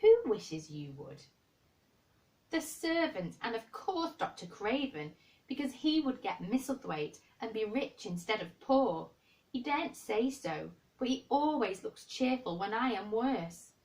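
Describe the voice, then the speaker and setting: A woman's voice: on the high side, very animated, unhurried, a little mellow, far from the mic, pitched above the performer's own voice. A woman reading aloud, voicing a sickly, bedridden boy who sounds cross and complaining. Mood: sullen. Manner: cross, complaining, dwells on dying.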